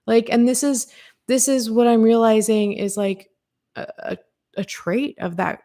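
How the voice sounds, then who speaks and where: A woman's voice: on the high side, measured pace, dark tone. Chatty woman rambling on a podcast stream. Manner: rambling, filler-heavy, frank and swears; talks to live chat readers. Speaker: podcast host. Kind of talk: casual livestream chat.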